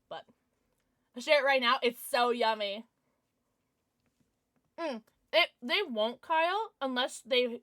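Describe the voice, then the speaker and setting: A young woman streamer chatting casually and excitedly to her viewers, now and then cooing at her dog in baby talk. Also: fairly high pitch. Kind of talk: casual livestream chat.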